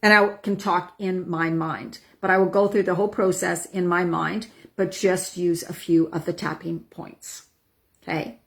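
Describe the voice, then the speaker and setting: A woman in her forties, a wellness coach, calmly guiding a tapping practice and checking in with "right?" and "okay?". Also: on the low side, measured pace, creaky. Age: 40s. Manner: soothing affirmations with frequent "right?" and "okay?". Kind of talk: guided self-help demonstration.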